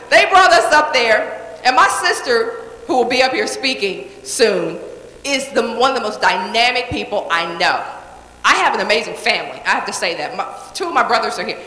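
Woman seminar coach on stage, emphatic and chatty, with a long hall reverb. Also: mid-range voice. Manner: animated, emphatic, chatty with the audience. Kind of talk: live motivational seminar storytelling.

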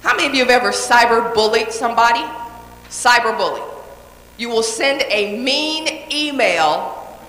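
A woman's voice: on the high side, animated, normal speed, a bit bright. A woman giving a motivational talk to a live audience, direct and emphatic, repeating key phrases and checking in with the crowd. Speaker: motivational speaker. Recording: echoey hall with long reverb.

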